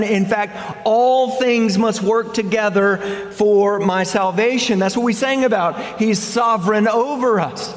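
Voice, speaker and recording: Slow-preaching man in an echoey hall. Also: sits high. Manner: emphatic, repeats key phrases. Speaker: pastor. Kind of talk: verse-by-verse sermon.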